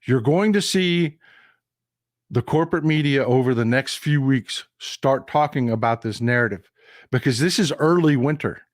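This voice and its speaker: A man's voice: mid-range voice, moderate pace, dry recording, studio quality. A man hosting a casual political commentary livestream, folksy and repetitive, talking straight to his chat.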